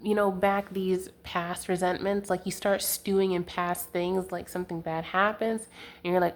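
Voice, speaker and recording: A woman's voice: on the low side, flat delivery, normal speed. A young woman giving a casual tarot reading to camera, chatty and giggly, full of fillers, talking into a handheld camera. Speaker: tarot reader. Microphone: handheld camera mic.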